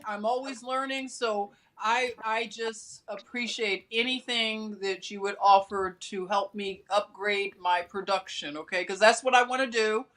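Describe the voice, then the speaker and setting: A woman's voice: fairly high pitch, fairly bright tone. A woman hosting a casual livestream chat, thankful and eager to learn. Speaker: livestream host.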